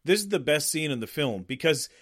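A man's voice: a little high, animated, a little fast, fairly bright tone, no echo, clean studio sound. A man co-hosting a podcast, discussing a film thoughtfully and agreeing often. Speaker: podcast co-host.

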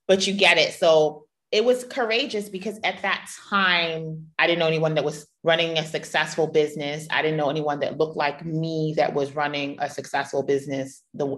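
Low-voiced woman, candid and playful. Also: a bit bright. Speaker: podcast host. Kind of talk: personal storytelling monologue.

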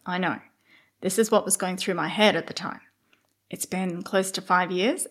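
A woman's voice: medium pitch, gravelly. A middle-aged woman hosts her own show and tells a personal story straight to the listener. She is candid and casual, and now and then she swears. When she replays what she was thinking at the time, her voice rises. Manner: candid, animated when reliving her thoughts, occasional swearing. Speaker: podcast host sharing a personal story.

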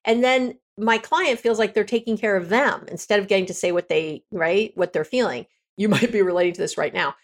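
A woman relationship coach talking candidly on a podcast, conversational and quick to correct herself. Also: mid-range voice. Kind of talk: podcast monologue.

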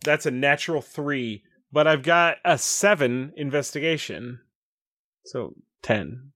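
A man's voice: medium pitch, slow, a bit bright. A man playing a tabletop game with dry, wry humor. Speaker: player.

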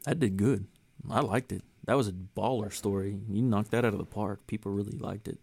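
A man with a lowish, gravelly, slightly rough voice talks a little fast as he hosts a podcast. He chats casually with friends in a relaxed way, rambling and using lots of filler words.

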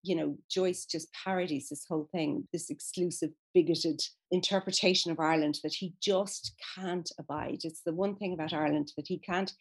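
A woman talks through a conversational interview about literature with a husky, somewhat low voice. She sounds thoughtful and enthusiastic, pausing to find her words. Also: steady tone. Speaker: guest discussing literature.

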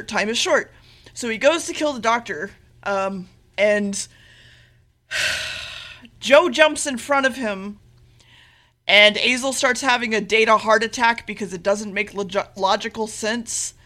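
A woman's voice: a little high, pushed and bright. A woman podcast co-host casually recapping a TV episode, rambling and swearing freely, with offhand acted quotes.

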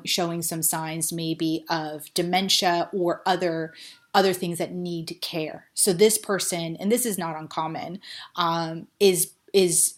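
A woman with a slightly low voice speaks as a podcast guest, laying out her argument with emphasis and blunt frankness. She talks in a relaxed conversational flow, pressing each point home. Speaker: podcast guest, cognitive neuroscientist. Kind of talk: conversational interview.

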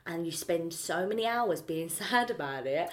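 A woman's voice: on the low side, moderate pace. Cockney woman telling stories, swearing freely. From South East London. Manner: animated storyteller, swears freely, acts out her own thoughts. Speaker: podcast co-host. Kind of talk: casual chat.

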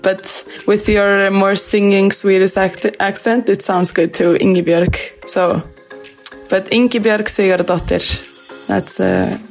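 An Icelandic woman answering podcast questions in an easygoing way with a few fillers. Her voice stays flat, sitting at a middle pitch. Faint music plays underneath. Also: takes it slowly, creaky. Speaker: guest, footballer. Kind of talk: podcast interview.

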